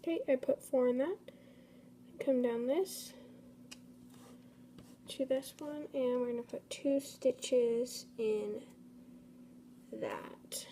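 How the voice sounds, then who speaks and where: A woman's voice: high-pitched, takes it slowly, long pauses, mellow. A young woman hosting a casual craft tutorial, chatty and apologetic, talking to her materials as she works. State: a bit out of breath. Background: faint storm noise.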